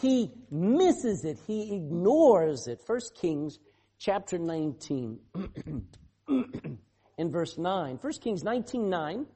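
Preacher with a lively, swooping pitch. Animated sermon delivery, firing questions at the congregation. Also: slow pace, husky. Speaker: pastor.

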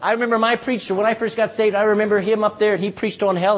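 A man's voice: high voice, quick pace, a little hiss or hum. A pastor preaching an emphatic sermon to his congregation, teasing listeners by name and calling for "Amen?" replies. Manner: emphatic, animated preaching with call-and-response "Amen?". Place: church sanctuary.

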